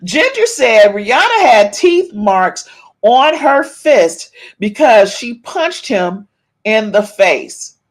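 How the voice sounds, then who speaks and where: Woman host, somewhat high voice, casual animated gossip chatter with her live chat. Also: takes it slowly. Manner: animated, reads chat comments aloud, shouts meow to viewers. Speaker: podcast host.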